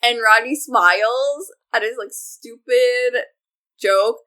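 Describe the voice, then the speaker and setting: A woman co-hosting a fan podcast in casual chat, animated and quick to laugh. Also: on the high side. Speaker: podcast co-host.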